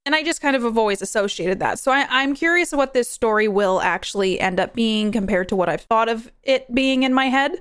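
A young woman hosting a podcast, chatting casually on her own, animated and prone to rambling tangents. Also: fairly high pitch, fairly quick, hardly any pauses, smooth, no echo, studio quality. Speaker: podcast host. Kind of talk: casual solo movie chat.

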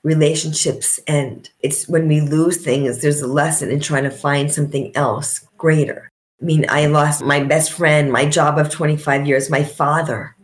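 A middle-aged woman with a low voice speaks as a podcast guest. She talks in a heartfelt, reflective way and slows down to stress her points. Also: little pitch movement. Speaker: guest, coach and author. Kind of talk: emotional podcast interview.

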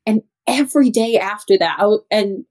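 Here is a young woman teacher talking as a podcast guest in an easy, chatty way. Her voice sits at a middle pitch. She laughs often and breaks into her students' voices as she tells stories. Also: normal speed, a little mellow. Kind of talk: casual interview chat.

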